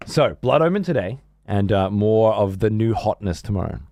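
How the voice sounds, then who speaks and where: A man's voice: lowish voice, expressive, moderate pace, gravelly, mellow, no echo, studio quality. Rambling, profane male game streamer. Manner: rambling, profane, restarts often. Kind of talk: casual gaming stream chat.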